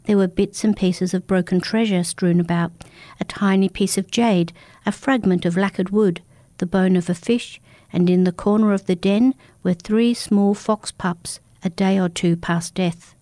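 A woman reading a first-person folktale aloud, telling it in a steady, dramatic way. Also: medium pitch, moderate pace, no room sound. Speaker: narrator. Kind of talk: first-person storybook narration.

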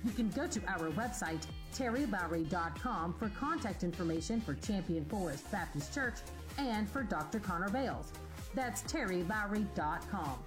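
A woman announcer giving a smooth scripted introduction to a radio sermon program. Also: medium pitch, expressive, moderate pace, music in the background.

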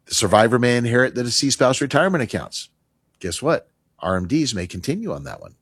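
A man's voice: medium pitch, very animated, fast talker, fairly bright tone, husky, no room sound. A middle-aged man hosting a radio advice segment on retirement taxes, conversational and emphatic, dropping his voice for asides. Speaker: radio show host, retirement tax advisor.

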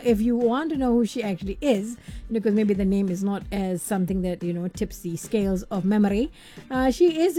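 In a radio studio, a woman DJ with a dark, mid-range voice chats casually through an entertainment story. She drifts into rambling asides while her voice wears thin as she loses it.

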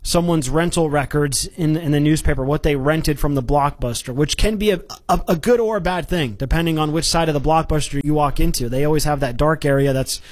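Chatty, slightly high-voiced male radio host. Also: brisk, hardly any pauses. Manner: rambling, chatty, full of restarts. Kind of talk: radio news chat.

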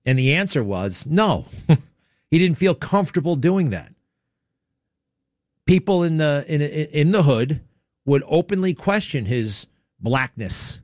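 A man's voice: on the high side, sing-song, a little slow, long pauses, a little mellow, no echo, clean studio sound. Sarcastic, emphatic male talk host. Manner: emphatic and sarcastic, mocking impressions. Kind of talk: opinionated political commentary.

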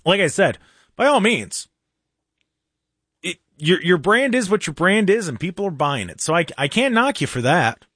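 A man hosting a casual political talk radio show in a studio, animated and mocking, with jokey asides. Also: high voice, normal speed, slightly rough, no echo.

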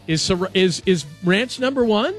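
A male sports radio host in a radio studio, talking in a chatty, animated and jokey way. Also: high voice, a little slow, faint music behind. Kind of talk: casual sports talk.

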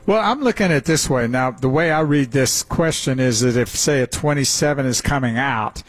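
Radio co-host, male, mid-pitched, dry close sound, quick banter. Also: dry recording. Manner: quick, easygoing banter and short reactions. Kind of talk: casual radio talk.

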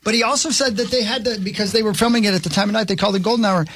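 A man's voice: sits high, very fast, a bit bright, slight background noise. A man co-hosting a radio show, retelling an interview with enthusiastic, rambling energy. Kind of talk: casual on-air banter.

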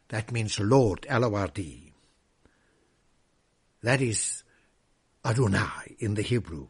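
A man preaching a sermon, slow and emphatic, moving between loud proclamation and hushed, whispered words. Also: medium pitch, big pitch swings, slightly rough.

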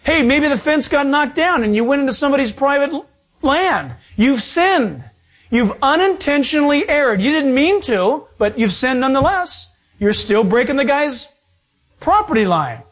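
Pastor guy preaching, pretty high voice, jumps all over the place, jokey asides. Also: moderate pace. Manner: animated preaching with sudden pitch swings and asides. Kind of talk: sermon.

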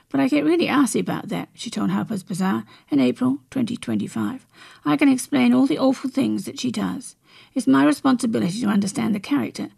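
A woman reading celebrity and royal stories from magazines aloud, in a steady read-aloud manner with brief restarts. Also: a little high, vocal fry, breathy edge. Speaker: news reader.

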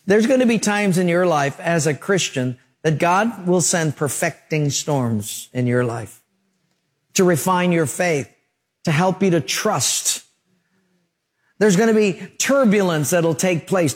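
A man preaching a sermon, telling stories with acted-out quotes and sound effects, slowing down hard on key phrases. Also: high voice. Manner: slows down for emphasis on key phrases.

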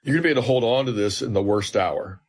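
A man's voice: on the low side, quick pace, breathy edge. A man, a seminary professor, explaining scripture as an interview guest in an earnest, teacherly way with emphatic retellings.

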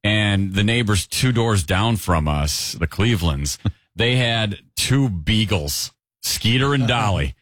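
Man, radio co-host, lowish voice, wry rambling delivery, dry sound. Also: expressive, takes it slowly, fairly bright tone, dry recording. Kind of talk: casual radio chat.

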